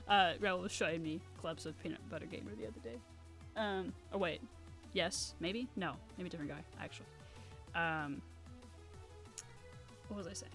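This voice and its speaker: A woman's voice: fairly low pitch, moderate pace, long pauses, soft background music. A woman in her twenties chatting casually on a live stream while she paints, rambling through stories and acting out quotes. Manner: rambling, animated storytelling with acted-out quotes and laughter.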